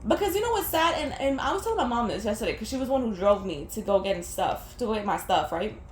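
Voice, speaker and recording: A young woman with a fairly high voice rambles candidly while playing a game, swearing freely as she vents. Her voice echoes around a roomy space with a faint hiss of noise underneath. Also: expressive, quick pace. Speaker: gaming vlogger. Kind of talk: casual gameplay chat mixed with personal venting.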